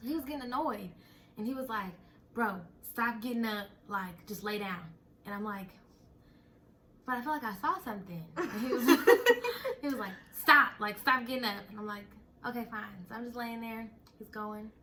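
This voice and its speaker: A young woman telling a story in casual chat, animated and breaking into laughter as she retells it. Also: on the high side, moderate pace, a little hiss or hum. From Texas. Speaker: storyteller host.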